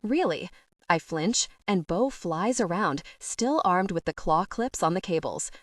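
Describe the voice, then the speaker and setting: A woman narrating a first-person romance audiobook in an expressive voice. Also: lowish voice, measured pace, dry recording, studio quality, far from the mic.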